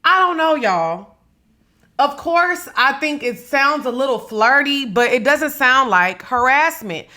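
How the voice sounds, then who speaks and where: Sassy bright-voiced woman podcast host. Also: sits high, animated, measured pace. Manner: sassy, blunt, swears freely, dramatic. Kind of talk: casual gossip commentary.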